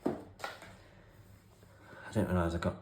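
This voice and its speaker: A man's voice: takes it slowly, a little mellow, reverberant, slight background noise. An English man in his forties telling a rambling, self-deprecating story while tidying his hobby room. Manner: self-deprecating, wry, chatty. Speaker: hobby vlogger.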